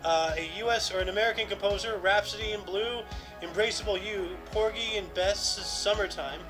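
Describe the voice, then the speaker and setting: Reading historical dates and rambling through plenty of fillers, a man co-hosts a casual podcast over background music. He has a high voice and a moderate pace, captured with poor audio.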